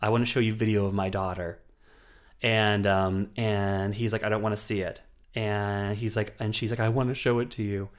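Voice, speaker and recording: In a clear, resonant voice pitched fairly low, a man co-hosting a podcast recounts a film's plot at a moderate pace with little pitch movement. The chat is casual and rambling, thick with ums and asides.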